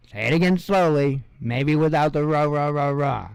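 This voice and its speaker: A man hosting a casual news commentary in an unhurried, rambling way, sarcastic and quick to mock. His voice sits a little high for a man and sounds smooth and clean. The recording is dry and close. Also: no room sound. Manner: rambling and sarcastic, with mocking asides. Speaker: news show host.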